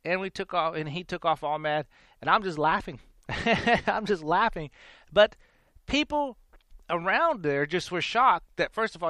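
A man's voice: high-pitched, bright, forceful tone, no echo, studio quality. A man in his forties hosting a faith talk show, telling a story in a rambling, repeating way and laughing between lines. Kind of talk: casual storytelling monologue.

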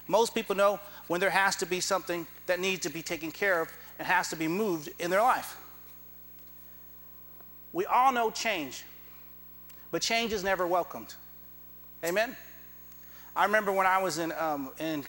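A man's voice: a little high, a bit bright, long reverb tail, rough recording. A man preaching a sermon, telling a personal story with quoted dialogue and chuckling asides.

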